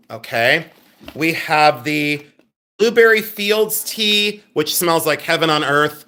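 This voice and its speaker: A middle-aged man hosting a live-stream sale, reading out viewer names and orders and making quick asides to his helpers. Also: fairly high pitch, sharp tone. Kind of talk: live-stream selling chat.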